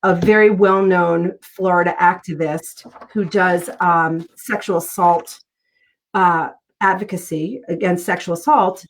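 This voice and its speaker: A woman's voice: lowish voice, fairly even intonation, a little slow, slight background noise. A middle-aged woman, a guest author in a casual interview, talking in an earnest, heartfelt way as she tells personal stories.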